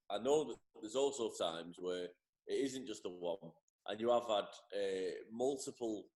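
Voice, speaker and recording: Low-voiced host in a roomy space. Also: male voice, darkish tone. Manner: rambling, restarting questions. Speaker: podcast host. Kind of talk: interview questions. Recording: roomy with faint music.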